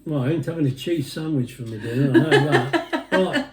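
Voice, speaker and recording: A man's voice: on the high side, sing-song, brisk, a loud crowd. A man, a vlogger chatting and telling jokes, laughing and rambling as he goes. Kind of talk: casual chat and joke telling. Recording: echoey room.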